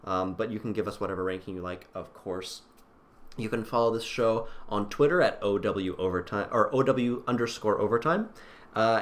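Rambling excitable podcast co-host, man. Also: on the low side. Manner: rambling, excitable, lots of fillers and restarts. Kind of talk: casual podcast chat.

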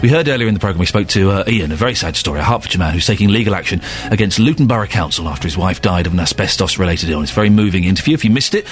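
A man presenting live radio, teasing his co-host and reading out news links with quick jokes. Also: deep voice, animated. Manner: joking, teasing, quick asides.

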